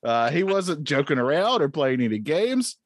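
A man's voice: on the high side, sing-song, moderate pace, no echo, clean studio sound. A man co-hosting a casual podcast, cracking jokes and laughing at his own puns. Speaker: podcast co-host.

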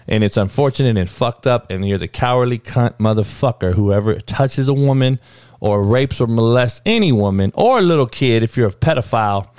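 A man's voice: mid-range voice, animated, fairly quick, darkish tone, smooth, dry recording, clean studio sound. A man hosting his own talk show, ranting heatedly and swearing constantly in street slang. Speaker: sports talk show host. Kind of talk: unscripted profane rant.

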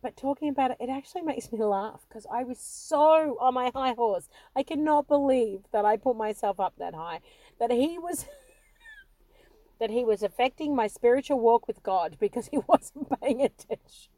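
A woman's voice: fairly high pitch, lively intonation, normal speed, warm tone, no echo. A middle-aged woman telling self-deprecating personal stories, laughing often and restarting sentences nervously. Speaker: podcast host. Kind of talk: personal storytelling monologue.

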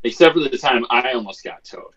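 A podcast co-host speaks briskly in a mid-range voice, telling a story in casual chat with plenty of animation and swearing. He acts out quoted lines, and the sound is slightly dull and lo-fi.

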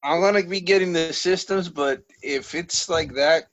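A man's voice: fairly high pitch, normal speed, a bit bright, dull audio. A man on a video call chatting casually, joking and easygoing. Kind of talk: casual chat.

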